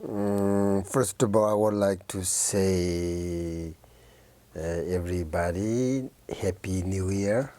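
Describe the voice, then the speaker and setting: A man giving a New Year Dharma talk to his students as a Buddhist teacher, gentle and encouraging, halting with many fillers and pauses. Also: sits low.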